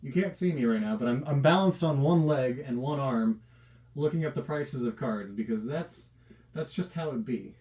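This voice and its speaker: A man's voice: mid-range voice, normal speed, a little mellow. A man giving casual, sarcastic commentary while opening trading card packs on his channel. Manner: dry, sarcastic.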